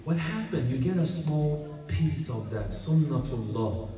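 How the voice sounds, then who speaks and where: A man's voice: a little high, expressive, a little slow, noisy background. A man preaching a sermon to an audience, telling stories and asking them rhetorical questions. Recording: echoey hall from far off, crowd audible.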